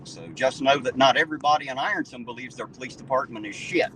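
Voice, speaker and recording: A man's voice: medium pitch, quick pace, few pauses, fairly bright tone, distant mic, a little hiss or hum, rough recording. A man hosting a live stream, chatting casually, crude and mocking, swearing freely. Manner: profane, crude, mocking, joking. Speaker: livestream host. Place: outdoors at night, riding in a vehicle.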